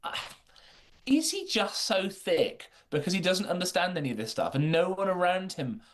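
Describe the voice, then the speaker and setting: A man who comments on politics on a talk radio show, arguing his points in a measured, wry way. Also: sits high, sing-song, slight background noise.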